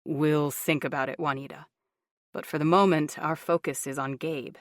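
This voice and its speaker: A woman's voice: low voice, steady tone, moderate pace, no echo, clean studio sound, pitched below the performer's own voice, lightly acted. A woman narrator voicing a stubborn, reserved man who speaks in a guarded way.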